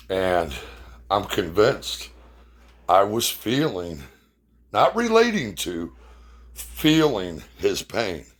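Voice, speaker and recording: A middle-aged man telling a personal story in a blunt, emotional way, swearing freely. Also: low-pitched.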